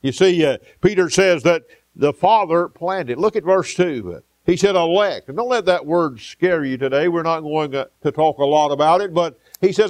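A man preaching a sermon as pastor, with many "uh" pauses and repeated words. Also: on the high side, expressive, no echo. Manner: preaching with frequent "uh" fillers and repetition.

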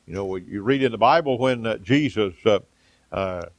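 A male pastor delivering a sermon, building to fervent exclamations and calling out amen and hallelujah, with frequent "uh" pauses. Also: fairly low pitch, dry recording. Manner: preaching, rising to fervent exclamations with frequent "uh" fillers; calls out amen and hallelujah to the congregation.

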